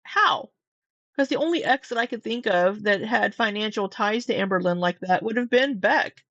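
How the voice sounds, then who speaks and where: A woman's voice: medium pitch, fairly quick, a bit bright, dry recording. Woman commentator, skeptical, questioning tone, dry lo-fi sound. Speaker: commentary youtuber. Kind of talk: reaction commentary.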